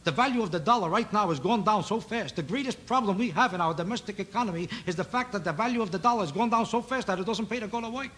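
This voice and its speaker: Fast, high-voiced man doing stand-up. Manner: rapid, needling, heckles an audience member with rhetorical questions. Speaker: stand-up comedian. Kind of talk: stand-up routine on a TV variety show. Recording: loud noise on an old TV broadcast recording.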